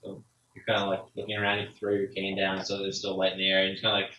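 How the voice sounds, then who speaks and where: A man's voice: low-pitched, monotone, quick pace, bright, forceful tone, highs cut off, a little hiss or hum. A man narrating as game master in a casual, rambling way, full of "like"s, recorded in an echoey room from a distance. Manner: casual, filler-heavy narration with many "like"s.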